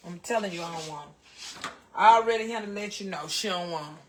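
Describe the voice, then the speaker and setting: A Southern American woman with a medium-pitched voice talks briskly while hosting a relaxed cooking livestream. She keeps up folksy chat, calling viewers baby and child.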